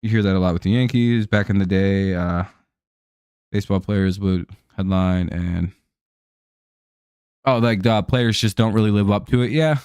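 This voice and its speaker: A man's voice: on the low side, moderate pace, long pauses, a little mellow, smooth, dry recording. An American man hosting a live stream, chatting casually over a baseball game in a rambling, profane way with lots of fillers. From United States.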